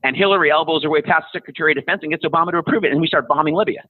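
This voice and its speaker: A blunt man in his fifties rants through a tinny, phone-like line, his voice dry and close. He talks in a fairly high, husky register, profane and sarcastic. He mocks people as he goes. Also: racing, no echo. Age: 50s. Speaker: podcast guest. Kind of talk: ranting casual conversation.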